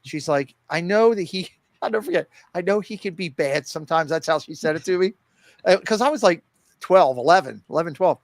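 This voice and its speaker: A middle-aged man co-hosting a podcast, telling a long story in a lively, laughing way and acting out the lines people said. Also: sits high, brisk, no echo. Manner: animated, laughing storyteller who acts out quoted lines. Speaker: podcast co-host. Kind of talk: casual storytelling chat.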